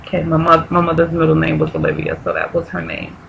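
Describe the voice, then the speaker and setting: A grieving woman vlogger talking haltingly to her camera, close to tears, often stopping and restarting. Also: sits low, very animated, vocal fry, a little hiss or hum, low-quality recording. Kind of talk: emotional personal vlog.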